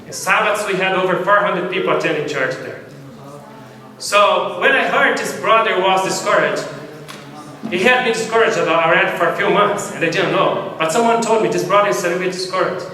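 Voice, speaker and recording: Male preacher, high-pitched, earnest storytelling, distant mic in a reverberant sanctuary. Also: a little fast, sharp tone. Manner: earnest storytelling, repeats and restarts phrases. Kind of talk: sermon. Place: church sanctuary. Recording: echoey church hall from far off.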